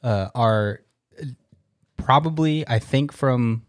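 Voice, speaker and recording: A man's voice: medium pitch, slow pace, dry recording, clean studio sound. A young man hosting a podcast, rambling through a casual chat with lots of fillers. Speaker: podcast host.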